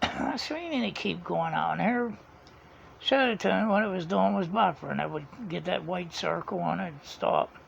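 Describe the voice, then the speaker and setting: A man's voice: high-pitched, creaky, fairly bright tone. A man, telling a rambling story in a casual vlog, chuckling often and retelling conversations. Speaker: vlogger. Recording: dull lo-fi sound, faint background hiss.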